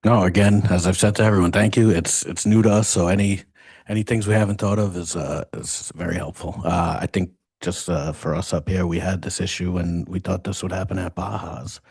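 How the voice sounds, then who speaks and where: Low husky man chairing a council meeting. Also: steady tone, a little fast, darkish tone, no echo.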